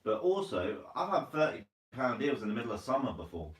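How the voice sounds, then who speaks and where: A man's voice: medium pitch, very animated, brisk, far from the mic. Laid-back man chatting on a live stream. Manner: casual and chatty, says mate a lot. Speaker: fishing channel host. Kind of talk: live stream chat, reading comments. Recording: roomy, from away from the mic.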